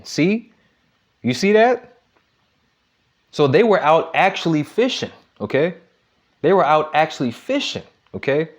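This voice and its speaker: A middle-aged man giving a Bible teaching in a casual preaching style, constantly asking "all right?" and "okay?" and slowing down, louder, to read the verses. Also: medium pitch, big pitch swings. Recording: dull lo-fi recording.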